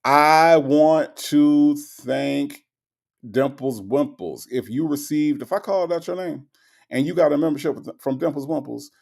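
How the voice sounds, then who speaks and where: A man's voice: fairly high pitch, animated, a little fast, gravelly, mellow, husky. A man hosting a livestream, reading out viewer messages in a chatty, repetitive way that keeps tagging lines with okay and all right. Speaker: livestream host. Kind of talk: live-stream chat, reading viewer messages.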